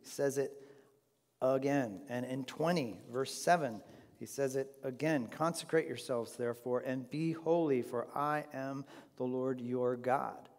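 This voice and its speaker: A man's voice: medium pitch, a little slow, a little mellow, long reverb tail. A man leading an informal Bible study class, talking conversationally and putting questions to the group.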